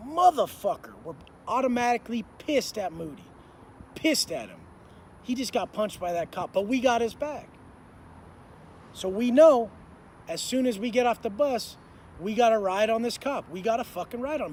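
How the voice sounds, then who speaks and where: A man's voice: extremely high pitch, a little mellow, slight background noise. A man telling a story in an intense, profane way, full of street slang. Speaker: motivational speaker. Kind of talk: storytelling monologue.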